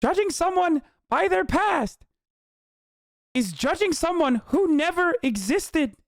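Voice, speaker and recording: A man doing a voice for a male sage figure who recites a maxim slowly in a high, strained tone. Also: lively intonation, no echo, studio quality, heavily acted. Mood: solemn. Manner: slow, high, strained delivery.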